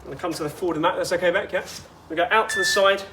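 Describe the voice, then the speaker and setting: High-voiced fitness coach outdoors. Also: male voice, very fast, noisy background. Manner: chatty, instructive, with personal asides. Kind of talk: guided workout instruction.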